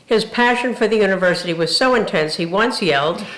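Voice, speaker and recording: An older woman, a retired university president, tells funny stories during a tribute speech with warm, humorous storytelling. Her medium-pitched voice is animated and fairly quick, and the recording has a roomy echo.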